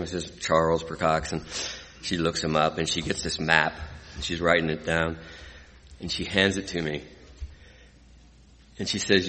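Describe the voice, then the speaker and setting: A low-voiced, forceful middle-aged man from California tells his recovery story to a live audience. He is earnest and emotional, dropping to a hush and then lifting again. His voice rings with the long reverb of a large hall. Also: normal speed, slight background noise. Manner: earnest, emotional, swings from hushed to lively. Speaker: recovery speaker. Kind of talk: personal testimony to an audience.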